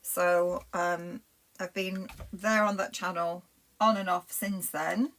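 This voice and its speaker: Speaking slowly in a lowish, steady, slightly bright voice, a middle-aged Lancashire woman leads a live craft demo. She rambles in a chatty way, addressing viewers while her hands stay busy with the work.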